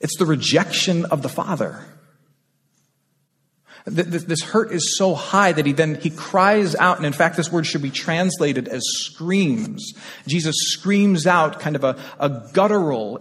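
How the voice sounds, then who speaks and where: A male pastor preaching a sermon with passion, repeating phrases and moving between loud, urgent lines and hushed ones. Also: on the high side. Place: church sanctuary. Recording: long hall reverb.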